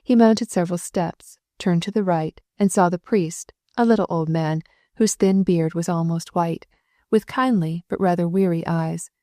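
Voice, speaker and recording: Mellow, low-voiced woman narrating. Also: dry recording, clean studio sound. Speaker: audiobook narrator. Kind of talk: scripted novel narration.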